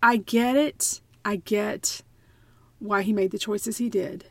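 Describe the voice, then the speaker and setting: A woman's voice: medium pitch, steady tone, takes it slowly, dry recording. A woman talking bluntly and emphatically in a casual book chat, often repeating herself to make a point.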